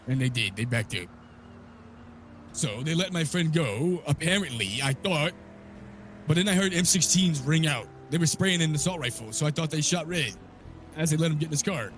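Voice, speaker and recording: Profane, animated storytelling man. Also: on the high side, moderate pace, long pauses, a little hiss or hum. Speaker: roleplay character telling a story. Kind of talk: in-character story recap in a game.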